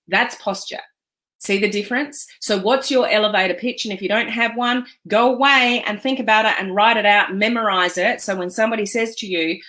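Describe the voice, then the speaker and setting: A woman's voice: mid-range voice, pushed and bright. A woman coaching on online business, speaking earnestly and with emphasis, with many fillers and restarts. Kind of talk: motivational teaching talk.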